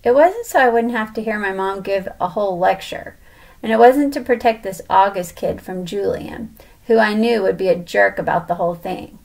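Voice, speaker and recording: A woman's voice: mid-range voice, normal speed, vocal fry. A woman reading a children's novel aloud in a casual first-person storytelling tone. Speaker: audiobook reader.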